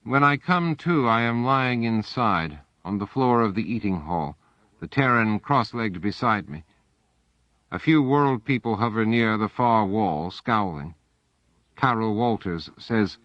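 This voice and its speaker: A male audiobook narrator reading first-person narration at a very unhurried pace in a low register. His delivery is measured and even, and the recording sounds dull and muffled with a dry, close sound. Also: no room sound.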